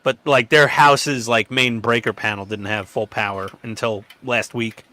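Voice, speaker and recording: A man chatting casually with friends during a model-building stream, telling lively stories and acting out the people in them. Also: unhurried, no echo. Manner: animated storyteller who acts out quotes with sudden pitch jumps. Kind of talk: casual group chat while building.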